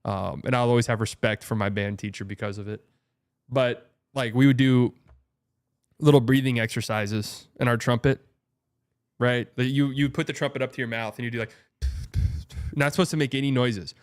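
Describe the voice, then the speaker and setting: A man's voice: mid-range voice, fairly even intonation, normal speed, long pauses, clear, resonant tone. A young man hosting a casual livestream, rambling through a story, laughing often and swearing. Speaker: streamer and show host.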